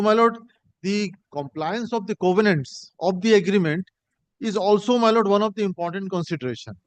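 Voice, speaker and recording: A man arguing a case in a courtroom, halting and repeating "my lord" while reading from a judgment. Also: high-pitched, clear, resonant tone, no room sound, poor audio. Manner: halting, addresses the bench as my lord in nearly every phrase; reads passages from a judgment aloud. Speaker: advocate arguing an appeal. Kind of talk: courtroom argument.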